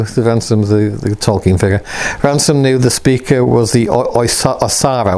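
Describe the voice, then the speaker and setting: A man's voice: medium pitch, a little mellow. A male lecturer reading a novel aloud and stopping for hesitant explanatory asides.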